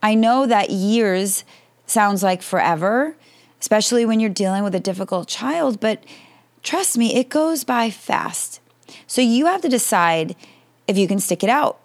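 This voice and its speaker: A woman's voice: medium pitch, animated, measured pace. A woman in her forties hosting an advice podcast, answering listener questions in a direct, reassuring way.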